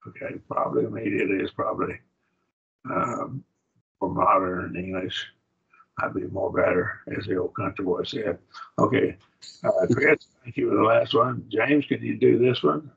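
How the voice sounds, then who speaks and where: A low, gravelly man with an Oklahoma accent leads a Bible class, his voice rough and very husky. He talks conversationally and keeps putting questions to his students. The classroom recording sounds dull and lo-fi. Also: fairly even intonation, moderate pace, fairly bright tone. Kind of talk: teaching a college-level Bible class.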